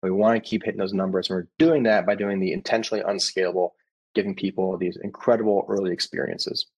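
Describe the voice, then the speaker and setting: A man's voice: low voice, fast talker, breathy edge, dull audio. A man in his thirties, a startup founder, talking casually in an interview and acting out the customers he quotes. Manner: animated, acts out quoted customers with restarts.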